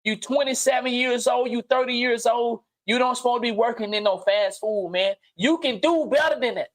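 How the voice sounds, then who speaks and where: A man hosting a livestream and giving an unscripted motivational monologue, blunt and profane, repeating phrases and swinging from low murmurs to loud outbursts. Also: moderate pace. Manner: blunt, preachy, profane street slang. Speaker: livestream host. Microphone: streaming mic.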